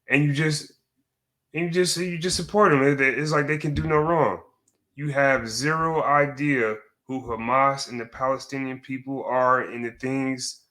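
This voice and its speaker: A man's voice: medium pitch, a bit bright. A man giving a heated, profane reaction rant as a commentator, cursing and restarting his sentences as he goes.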